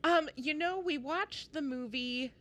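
A woman's voice: high voice, a little slow, a bit bright. A woman co-hosting a podcast in casual chat, playful and blunt, laughing often. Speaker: podcast co-host.

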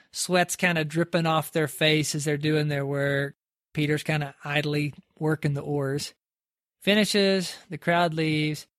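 Brief: a male preacher telling a story casually, a bit high-pitched, dry close sound. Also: a bit bright, no echo. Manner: conversational, lots of "like" and restarts. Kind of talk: sermon storytelling.

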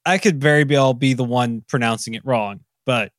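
A man's voice: mid-range voice, moderate pace, no room sound, studio quality. A man with a Southern US accent, co-hosting a casual technical talk with self-deprecating, rambling asides. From American South. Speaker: podcast co-host.

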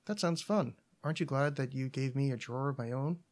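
A man's voice: medium pitch, brisk, darkish tone, lightly acted. A man reading a short story aloud, voicing the narrator's cheerful, affectionate young girlfriend in a raised voice.

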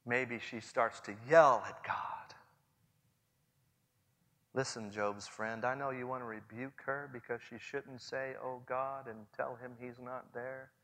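A man in his forties preaching a sermon earnestly, swinging between hushed and loud passages. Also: mid-range voice, little pitch movement, takes it slowly. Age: 40s. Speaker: pastor. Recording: long hall reverb.

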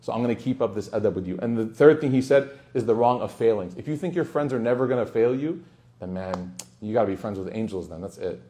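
A man's voice: on the low side, expressive, quick pace, dark tone. A man teaching a religious study circle in a casual, joking way. He tells anecdotes and acts out the dialogue. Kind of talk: informal religious lesson.

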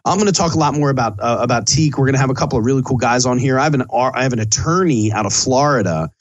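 A man's voice: mid-range voice, racing, no room sound, highs cut off. A middle-aged man, a chef, hosting a casual podcast in a loose, rambling, chatty way.

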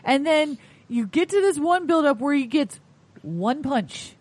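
A woman's voice: sits high, animated, measured pace, a little mellow. A woman in a casual group chat, opinionated and emphatic.

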